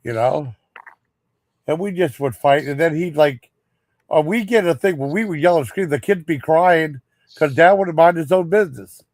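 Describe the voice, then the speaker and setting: A man on a live stream rambles through a long grievance, swearing freely and circling back on himself. His voice sits a little high for a man. The sound is close and dry, with no room around it. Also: moderate pace, a little mellow, no echo. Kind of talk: casual storytelling chat.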